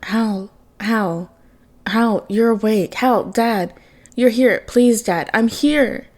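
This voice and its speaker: A woman's voice: mid-range voice, measured pace, mellow, close to an everyday voice. A woman voicing a tearful, raging young man. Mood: tearful pleading. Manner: tearful, pleading, then raging. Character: grieving young man, fierce and vengeful.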